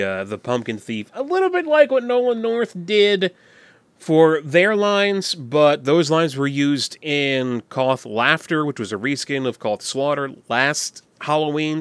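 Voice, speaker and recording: A man's voice: mid-range voice, a bit bright, no echo. A man casually walking through a game map he built, rambling and thinking aloud with frequent fillers.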